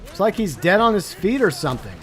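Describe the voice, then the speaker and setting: A man's voice: sits high, sing-song, fairly quick, a bit bright, faint music behind. A man streaming a video game, casually commenting, sarcastic and teasing toward the characters.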